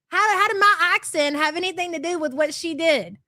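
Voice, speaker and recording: A woman in her thirties with a light country twang hosts a livestream. She reads out viewer chats in a high, brash, sarcastic and profane way. Her voice sounds dry and close, with no room around it. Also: a little fast, few pauses, pushed and bright, no echo. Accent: light American country twang. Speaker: livestream host.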